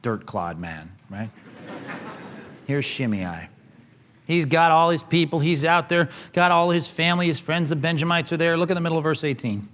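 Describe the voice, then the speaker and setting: A pastor preaching a sermon, retelling scripture conversationally with casual slang. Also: male voice, on the high side, expressive, normal speed, a bit bright, a little hiss or hum. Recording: long hall reverb.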